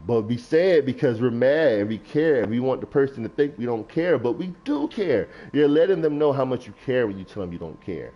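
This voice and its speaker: Young man, casual livestream talk, lively pitch, lo-fi stream audio. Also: a little fast, hardly any pauses. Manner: animated, preachy riffing on feelings, reads chat aloud. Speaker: gaming streamer. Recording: lo-fi stream mic.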